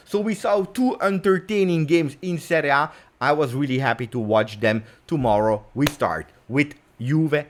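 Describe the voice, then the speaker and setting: Animated Italian-accented man. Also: medium pitch. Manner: animated, emphatic, sudden swings in loudness; peppers English with Italian exclamations. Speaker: football channel host. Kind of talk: football recap vlog.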